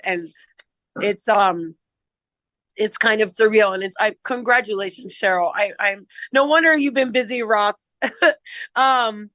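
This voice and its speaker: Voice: mid-range voice, bright, forceful tone, no echo. A parliament member speaking at an online meeting, emotional and sniffling, heartfelt and apologetic.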